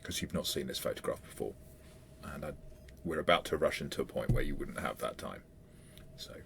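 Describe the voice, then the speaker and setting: A low-voiced man narrating a tabletop role-playing session. He pauses and restarts as he explains the rules. A faint hiss sits behind him. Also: creaky. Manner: hesitant, with fillers and restarts. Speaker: game master.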